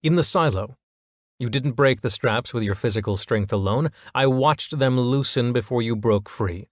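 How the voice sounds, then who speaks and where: A man reading an audiobook, voicing a cold, calculating middle-aged father who speaks in a measured, clinical way. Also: mid-range voice, dry recording, studio quality, lightly acted.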